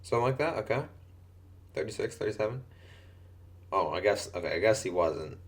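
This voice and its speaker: Profane young gamer with hiccups. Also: male voice, on the low side, expressive, a little fast. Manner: profane, exaggerated hiccup yelps and squeals. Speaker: gaming commentator. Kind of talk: casual gameplay commentary.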